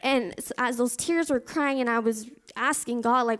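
Woman preacher, higher-pitched voice, earnest personal storytelling sermon. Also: unhurried. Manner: fervent spoken prayer.

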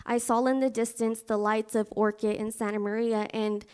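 Woman preacher, higher-pitched voice, earnest personal storytelling sermon. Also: flat delivery, moderate pace, darkish tone, clear, resonant tone. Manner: fervent spoken prayer.

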